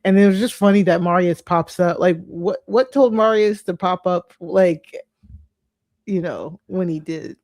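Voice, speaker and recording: A woman's voice: fairly low pitch, a little slow, no room sound, studio quality. A woman co-hosting a podcast, chatting casually and animatedly, acting out her reactions. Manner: animated, laughing easily, acts out reactions. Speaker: podcast co-host. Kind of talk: casual recap chat.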